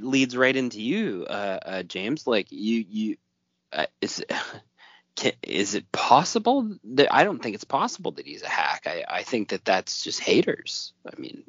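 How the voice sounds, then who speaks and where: A man's voice: lowish voice, wildly swooping pitch, moderate pace, a bit bright, no room sound. A man co-hosting a podcast in casual chat, blunt, joking and freely swearing, recorded dull and dry. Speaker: podcast co-host.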